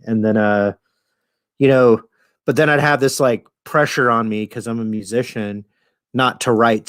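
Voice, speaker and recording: A man's voice: fairly low pitch, dry recording. A man who makes music, hosting a casual, rambling monologue, cursing freely and laughing as he talks. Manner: rambling, profane, laughs often. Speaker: video host and musician.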